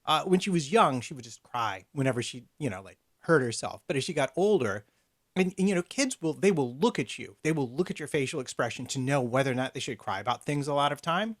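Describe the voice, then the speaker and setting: A man chatting from home on a video call, relaxed as he tells an anecdote. He puts a lively voice on the lines he quotes. His pitch sits in an ordinary middle range. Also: quick pace. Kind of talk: casual chat. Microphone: home mic on a video call.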